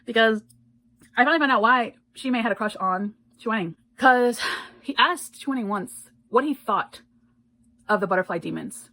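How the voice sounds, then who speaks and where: A woman's voice: on the high side, animated, moderate pace, bright, forceful tone, low-quality recording. A woman giving a casual spoken book review, retelling the plot in a blunt, indignant way and swearing freely.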